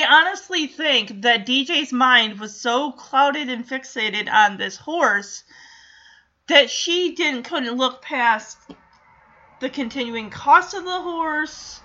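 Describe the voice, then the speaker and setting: Bright high-voiced woman recapping animatedly. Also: unhurried. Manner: animated retelling, acting out lines, laughing. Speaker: TV episode recapper. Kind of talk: casual episode recap. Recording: dull lo-fi sound.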